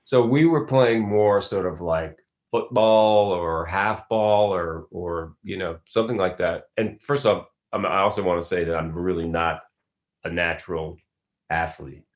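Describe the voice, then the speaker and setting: A man's voice: deep voice, measured pace. A middle-aged man from Philadelphia, an actor giving a casual interview, rambling through stories with many restarts. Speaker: actor guest.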